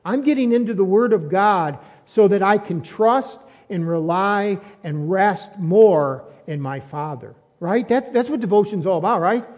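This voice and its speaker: A man's voice: sits high, animated, a little slow, hardly any pauses, darkish tone. A man preaching a sermon in a conversational way, asking rhetorical questions and often restarting his sentences. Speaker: pastor. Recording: muffled audio with long reverb.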